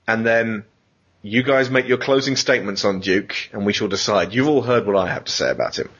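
A man's voice: fairly low pitch, animated, fairly quick, fairly bright tone, husky, dull audio. Man reading in mock-solemn tones. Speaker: podcast host. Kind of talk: comedy podcast reading.

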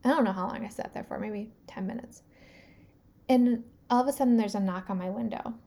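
Woman, 30s, mellow voice, storytelling host who acts out the quotes. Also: a little high, a little fast, creaky. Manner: animated, filler-heavy retelling with acted-out quotes. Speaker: podcast host. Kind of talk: personal storytelling.

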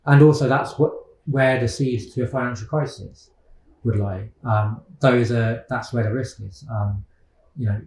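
A man speaks in a loose interview, circling his points with plenty of ums, you-knows and restarts. His voice has a middling pitch and rings a little in a roomy, echoey space. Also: steady tone, a little slow, darkish tone, a little hiss or hum. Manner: hesitant, many fillers and restarts. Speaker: guest economist. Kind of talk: casual interview.

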